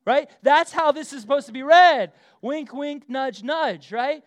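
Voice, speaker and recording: A middle-aged man preaching a casual, animated sermon, full of asides, fillers and quick questions to the room. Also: very high-pitched. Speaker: pastor.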